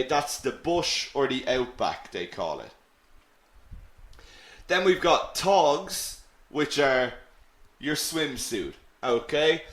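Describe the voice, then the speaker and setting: A man's voice: medium pitch, echoey room. A man teaching an English lesson, explaining words with frequent checks like "okay?" and self-mocking asides. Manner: lively, animated explaining with many "okay?" checks. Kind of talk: live online English lesson.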